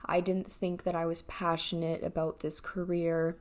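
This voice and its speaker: A woman in her twenties talking in a reflective personal vlog, soft-spoken and halting with many fillers, emotional and near tears. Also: fairly low pitch, little pitch movement. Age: 20s. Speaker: vlogger.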